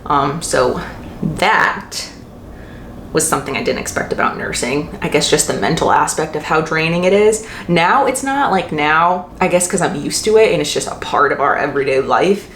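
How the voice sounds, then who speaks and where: A young woman vlogs casually about motherhood, rambling and correcting herself as she goes. Her voice sits a little low for a woman. The sound carries the echo of a bare room with a faint hiss underneath. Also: animated, normal speed, a bit bright. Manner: chatty, frequent fillers and self-corrections. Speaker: mom vlogger. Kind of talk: casual Q&A vlog.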